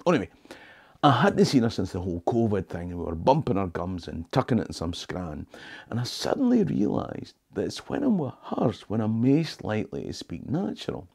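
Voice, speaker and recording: A man's voice: fairly low pitch, very animated, a little fast, vocal fry, darkish tone, breathy edge. A Scottish man in his sixties, a history guide telling stories with dry jokes and Scots words, talking from a small home office. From Scotland. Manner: wry, joking storyteller sprinkling in Scots words. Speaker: history tour guide and channel host. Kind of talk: talking-head history video.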